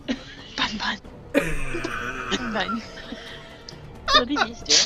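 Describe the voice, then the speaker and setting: A woman's voice: fairly high pitch, big pitch swings, extremely slow, creaky, loud music behind the voice. A woman playing in an online tabletop game, making wry, joking asides. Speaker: player. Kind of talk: casual chat in a tabletop game.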